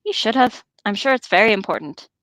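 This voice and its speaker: A woman's voice: medium pitch, expressive, a little fast, a bit bright, dry recording, close to an everyday voice. A woman voicing a cheerful, curious young male hobbit who chirps out questions. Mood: chirpy.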